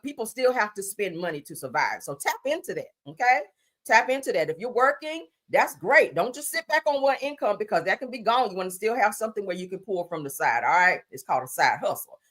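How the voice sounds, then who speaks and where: A woman hosting a livestream, giving sassy, animated commentary on news and gossip, swearing freely and calling listeners honey. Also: on the high side, fast talker. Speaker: livestream host.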